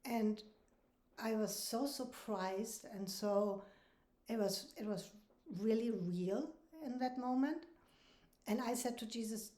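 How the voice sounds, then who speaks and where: A woman gives an earnest, heartfelt faith testimony. Her voice sits mellow and warm rather than bright. The recording carries a roomy echo around her. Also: fairly high pitch, slow pace, long pauses. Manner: earnest and heartfelt, with laughs between thoughts. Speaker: author sharing faith testimony.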